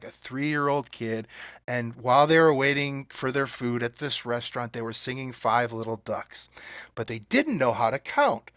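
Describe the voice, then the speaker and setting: A man talking casually as an interview guest, telling animated stories with bursts of acted-out quotes. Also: mid-range voice, no room sound, studio quality. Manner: animated, acts out quoted voices. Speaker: guest puppeteer.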